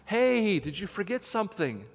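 A man voicing a chatty saleswoman who has lost her husband, in a high, bright voice. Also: normal speed. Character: chatty grieving widowed saleswoman. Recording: long hall reverb.

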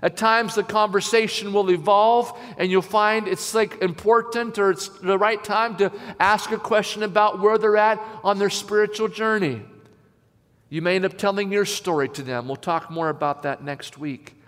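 High-voiced pastor preaching in a hall. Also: male voice, fairly even intonation, fairly bright tone. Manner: emphatic, slows down to stress key phrases. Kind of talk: sermon. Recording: long hall reverb.

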